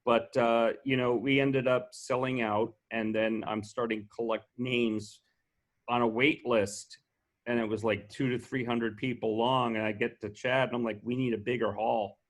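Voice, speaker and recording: A man with a mid-range voice telling stories as a guest. He switches into quoted voices as he goes, and his pitch jumps up sharply on those lines. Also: moderate pace. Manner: animated, acts out quoted dialogue. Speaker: festival co-founder guest. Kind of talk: casual anecdotal storytelling.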